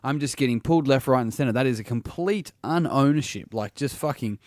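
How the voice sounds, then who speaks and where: A man talks through his ideas on his own podcast in an everyday middle-range voice, and the recording is close and dry. He is blunt and swears freely, often stopping to restart a sentence. He sounds like a coach thinking out loud rather than reading a script. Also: medium pitch, fairly quick, no room sound. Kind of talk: casual solo podcast monologue.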